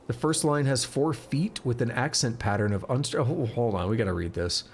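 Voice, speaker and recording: A man's voice: medium pitch, normal speed, few pauses, slight background noise. A man streaming a game live, chatting casually and reading in-game text aloud, stumbling over words and correcting himself.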